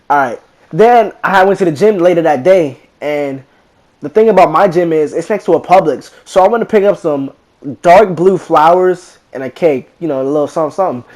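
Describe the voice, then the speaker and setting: A teenage boy casually telling a rambling story in slangy talk, acting out what people said. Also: fairly high pitch. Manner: slangy, rambling, animated retelling with quoted voices. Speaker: vlogger.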